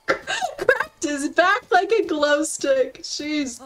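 A woman streaming a game, chatting casually and excitedly, giggling often and cooing softly at her in-game horse. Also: high-pitched, drawn-out words, rough recording. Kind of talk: casual gameplay commentary.

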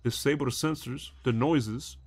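A man's voice: mid-range voice, moderate pace, breathy edge, no echo. Young guy on stream, casual and foul-mouthed, talks plans through in circles. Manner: rambling, profane, thinks aloud while planning. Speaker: streamer playing a heist roleplay. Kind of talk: casual gaming chat.

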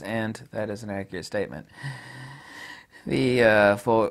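Blunt, rambling middle-aged man with lively pitch. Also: normal speed, pauses often. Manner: blunt, rambling, swears casually, laughs at own jokes; animated, pitch swings widely. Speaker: camera lens reviewer. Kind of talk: casual unscripted review.

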